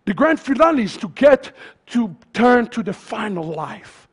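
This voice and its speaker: A male pastor preaching a sermon to his congregation, swinging from loud fervent shouts to hushed, near-murmured lines. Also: sits high, very animated, unhurried, slightly rough. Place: congregation's sanctuary.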